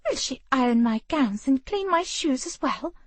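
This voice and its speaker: Brief: haughty young aristocrat, sharp-tongued, audiobook, woman narrator doing it. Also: sits high, animated, normal speed, no room sound, pitched above the performer's own voice. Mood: snippy. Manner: snippy, haughty. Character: spoiled haughty young blonde lady.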